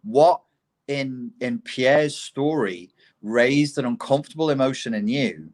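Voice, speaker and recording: A man's voice: medium pitch, unhurried, darkish tone. A man in casual conversation, blunt and profane, mocking opinions he disagrees with.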